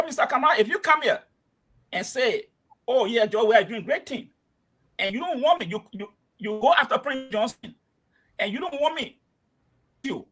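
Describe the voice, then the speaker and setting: A Liberian man on a panel, arguing forcefully and pressing others with pointed questions. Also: very high-pitched, breathy edge. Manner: forceful, interrupting, rising to loud questions. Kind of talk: heated panel debate.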